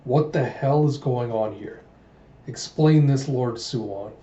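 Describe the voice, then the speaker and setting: A man's voice: medium pitch, slow pace, mellow, close to an everyday voice. A man voicing a blunt, fiercely loyal young general while reading a manga aloud. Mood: stern. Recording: echoey room, dull lo-fi sound.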